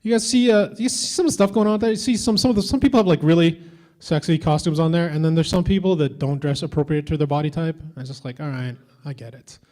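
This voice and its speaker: Man from the Philippines, stand-up comic, slightly high voice, dry offhand delivery, loose with fillers. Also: quick pace, a little mellow. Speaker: stand-up comedian. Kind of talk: stand-up comedy set. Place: convention stage before a crowd.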